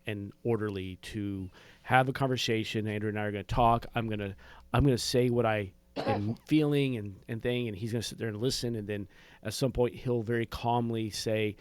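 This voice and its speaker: A man's voice: on the low side, normal speed, clean tone, no room sound. A man hosting a podcast, chatting casually and asking his guest probing questions, with fillers and restarts along the way. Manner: conversational, asks probing questions with many fillers. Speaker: podcast host.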